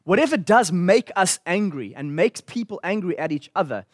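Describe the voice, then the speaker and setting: Male pastor, high-pitched, earnest conversational sermon delivery. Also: expressive, moderate pace, dry recording, studio quality. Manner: earnest, conversational preaching with restarts.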